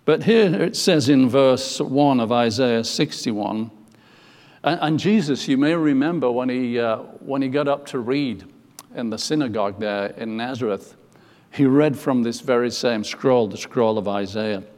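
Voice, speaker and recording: A man's voice: medium pitch, unhurried, darkish tone, big-room sound. A man preaching a sermon, explaining scripture with emphatic quotations and some hesitant fillers.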